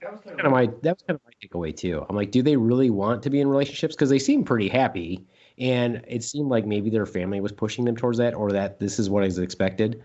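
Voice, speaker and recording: A man's voice: fairly low pitch, expressive, fast talker, darkish tone, lo-fi sound. A man co-hosting a casual podcast chat, rambling and joking, now and then repeating silly words in put-on voices. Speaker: podcast co-host.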